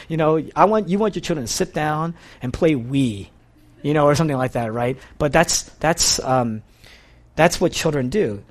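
A man with a somewhat high voice gives a sermon in an easy, conversational way. He sounds earnest and confessional, and he often restarts his sentences and fills pauses with "you know". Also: expressive. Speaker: pastor.

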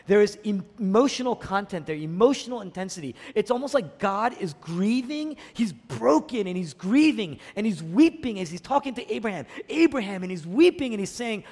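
Male pastor, fairly high voice, lively sermon delivery, long hall reverb. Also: brisk, few pauses. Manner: emphatic, repeats key phrases, swings from hushed to raised.

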